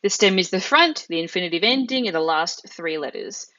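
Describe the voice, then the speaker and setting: A woman teaching a live online language lesson, explaining step by step and slowing down to say each foreign word clearly. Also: fairly low pitch, animated, pushed and bright, dry recording, dull audio. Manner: clear step-by-step explaining, slows down on Italian words. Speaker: Italian teacher.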